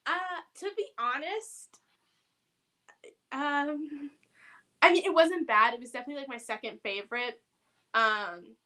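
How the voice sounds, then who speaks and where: A woman's voice: high-pitched, pushed and bright. A young woman co-hosting a live stream, eagerly chatting and agreeing about theater. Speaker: co-host. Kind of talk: casual chat about theater news.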